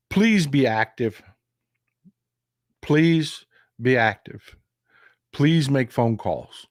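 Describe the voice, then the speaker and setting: A man's voice: mid-range voice, animated, extremely slow, pauses often, dry recording, studio quality. A man hosting a casual political commentary livestream, folksy and repetitive, talking straight to his chat.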